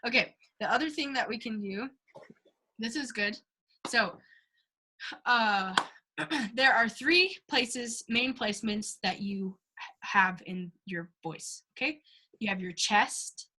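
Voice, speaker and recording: A young woman casually leads a singing workshop, chatty and giggly, full of ums and likes, and breaks into short sung demonstrations. Her voice is medium in pitch, pushed and bright.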